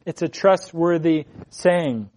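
A man's voice: on the high side, slow pace, a little mellow. A man preaching a sermon as pastor, earnest, repeating key phrases and putting questions to the congregation.

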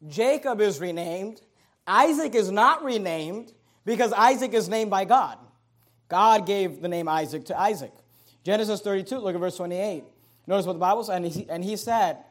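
A man preaching a sermon, reading scripture aloud and stressing key words. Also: sits high.

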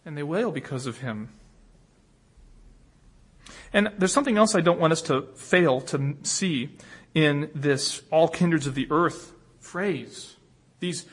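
A preacher with a high, husky voice delivers an earnest expository sermon. He presses his points with emphasis, doubling words as he restarts his sentences. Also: fairly bright tone.

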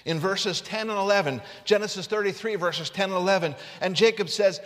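A man preaching a sermon in a fairly high voice. His voice rings with long reverb in a large room. He reads scripture and acts out the characters with animation. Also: a little fast, fairly bright tone.

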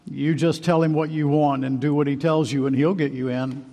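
A man's voice: on the high side, fairly even intonation, moderate pace, mellow, close to an everyday voice. A man voicing a frightened little girl who urgently pleads for help for her dying mother, in a sermon story. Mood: urging. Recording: long hall reverb.

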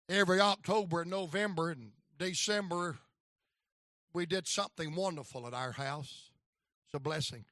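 A man preaching a folksy storytelling sermon with a North Carolina accent, rising now and then to shouts of praise. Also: on the high side, moderate pace, no echo, studio quality.

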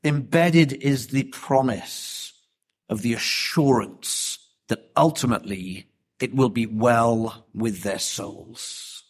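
A man preaching an expository sermon, emphatic and deliberate, with rhetorical questions. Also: mid-range voice, slightly rough.

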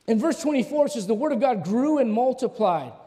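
A man delivers a sermon from the pulpit, his voice pitched high for a man. He preaches animatedly, throwing questions at the congregation and climbing to shouts. A long reverb from the hall trails each phrase. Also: expressive, a little fast. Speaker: pastor. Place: church sanctuary.

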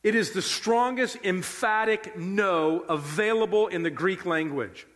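A male pastor preaching a sermon with animated, emphatic storytelling. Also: high-pitched, a little slow, hardly any pauses. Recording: long hall reverb.

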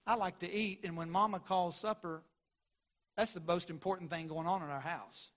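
A man preaching a sermon as a pastor, passionate, moving between hushed and loud delivery. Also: sits high, fairly even intonation, moderate pace. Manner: passionate, shifts from quiet to loud.

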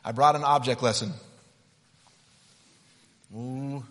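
A man's voice: medium pitch, fairly even intonation, slow, in a large hall. A man preaching a sermon built around a hands-on object lesson, talking in a conversational, playful and demonstrative way.

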